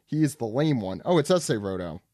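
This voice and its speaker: A man's voice: medium pitch, brisk, no echo, studio quality. A man hosting a casual podcast chat, running down a list of characters with easy fillers. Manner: relaxed, lists characters with fillers.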